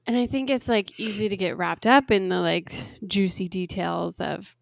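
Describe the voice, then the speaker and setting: Gravelly-voiced young woman chatting casually. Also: mid-range voice, fairly even intonation, normal speed, no room sound, studio quality. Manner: chatty, lots of "like" fillers. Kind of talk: casual chat.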